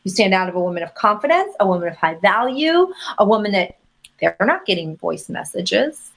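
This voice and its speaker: A woman's voice: mid-range voice, big pitch swings, a little fast, vocal fry. A woman coaching on dating in a podcast chat, talking emphatically and acting out sample messages. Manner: emphatic, acts out sample messages in quoted voices. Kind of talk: advice talk on a podcast.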